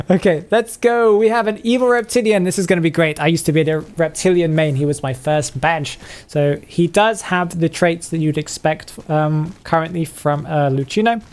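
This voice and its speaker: Commentating on matches sent in by viewers, a male streamer keeps things chatty and casual while putting on a silly invented accent and rolling his R's. His pitch is on the high side, his pace moderate.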